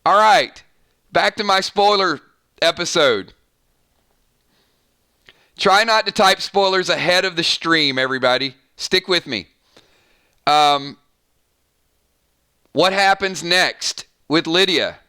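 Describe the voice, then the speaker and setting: A man's voice: high voice, animated, slow, pauses often, sharp tone, smooth. A man hosting a live stream, chatting casually and thanking viewers by name, often stumbling and restarting his sentences. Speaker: live-stream show host.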